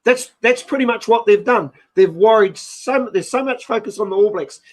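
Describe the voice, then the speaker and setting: A man's voice: high-pitched, moderate pace. A man hosting sports talk radio, cutting in and making his point emphatically. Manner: interrupting, emphatic. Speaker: radio host.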